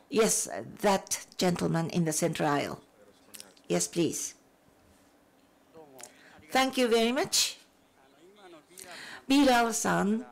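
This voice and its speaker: A woman working as an interpreter at a film panel, putting audience questions and panel answers into English phrase by phrase. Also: medium pitch. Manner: halting, phrase-by-phrase delivery.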